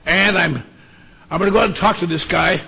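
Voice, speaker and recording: An anguished middle-aged doctor who drinks, pleading and crying out to God, as a storyteller quotes him. The voice sits a little high and runs gravelly. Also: male voice, normal speed, a little mellow. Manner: pleading, emotional exclamations.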